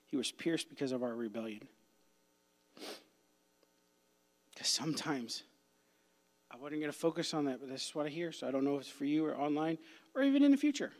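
A man preaching a youth sermon as a pastor, impassioned, swinging between hushed whispers and loud cries. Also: fairly high pitch, lively intonation, normal speed, long pauses. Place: church sanctuary. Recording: long hall reverb.

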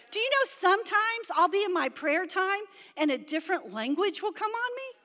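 A middle-aged woman giving an animated sermon testimony as a pastor's wife, her voice rising to shouts at times, recorded in a large church hall. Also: very high-pitched.

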